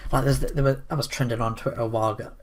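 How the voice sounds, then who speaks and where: A man's voice: medium pitch, fairly even intonation, rapid-fire. A man giving opinionated commentary in a rambling, sarcastic way, full of restarts and asides. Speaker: commentary vlogger.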